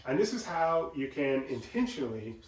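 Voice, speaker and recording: A man teaching voice exercises, explaining and acting out examples in an animated way. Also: medium pitch, normal speed. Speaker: voice coach. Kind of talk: instructional talk with demonstrations. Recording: roomy sound, mic at a distance.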